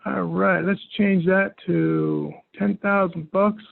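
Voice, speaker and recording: A man training a user on software over a call, giving relaxed, patient, step-by-step instructions. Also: high voice, takes it slowly, vocal fry, no echo. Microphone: call audio. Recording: tinny phone-like line, dry.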